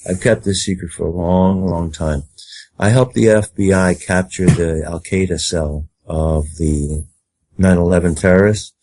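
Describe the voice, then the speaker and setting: Guest, older man, low husky voice, emphatic and rambling. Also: fairly even intonation, a little slow, a little mellow. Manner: emphatic, rambling, acts out quoted speech. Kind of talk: conspiracy talk interview.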